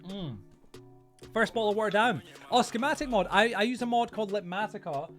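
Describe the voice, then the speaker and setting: A man chats live with his viewers while building in a game. He talks fast in a high voice, restarting sentences and excitedly greeting and thanking people. Soft music plays faintly behind him. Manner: rambling with frequent restarts. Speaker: streamer. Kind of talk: casual live-stream chat while gaming.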